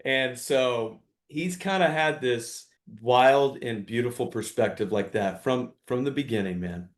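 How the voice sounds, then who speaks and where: In an interview, a middle-aged father tells a story with earnest warmth, acting out the quoted dialogue. His voice is medium in pitch and a little slow, and he appears as a guest.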